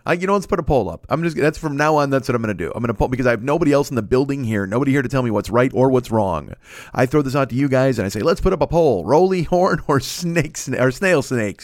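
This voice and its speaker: A man's voice: mid-range voice, dry recording, studio quality. A man around forty hosting a solo podcast, rambling through self-mocking jokes and profanity while alone at his microphone. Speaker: podcast host. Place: alone indoors at night. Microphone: studio microphone.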